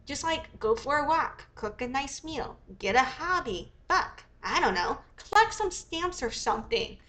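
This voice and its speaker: High, bright-voiced woman livestreaming, profane and rambling. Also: big pitch swings, measured pace. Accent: American. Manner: profane, rambling, thinks aloud. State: a bit sick. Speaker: livestream host. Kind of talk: casual livestream commentary.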